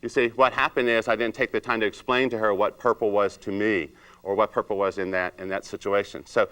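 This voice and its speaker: Animated male seminar trainer. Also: fairly low pitch, a little fast, smooth. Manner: animated, acts out client chats in raised voice; asks the room rhetorical questions. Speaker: salon industry trainer.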